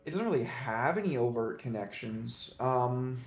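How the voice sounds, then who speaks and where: A man runs a tabletop horror game, his voice gravelly and full of fry. He speaks haltingly, with many fillers and restarts, while faint music plays behind him. The sound is roomy and echoey. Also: mid-range voice, animated. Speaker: game master. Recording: roomy echo.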